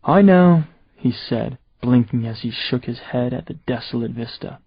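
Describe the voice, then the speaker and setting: A man with a husky voice narrating a first-person audiobook in a steady, measured way. The recording is dry and close, with a slightly dull, muffled top end. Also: mid-range voice, no room sound.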